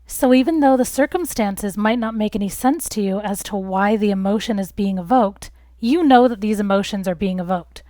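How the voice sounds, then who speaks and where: A woman's voice: mid-range voice, moderate pace, mellow, dry recording. A young woman hosting a relationship advice talk, speaking earnestly and reassuringly and explaining through everyday examples. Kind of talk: casual advice talk to camera.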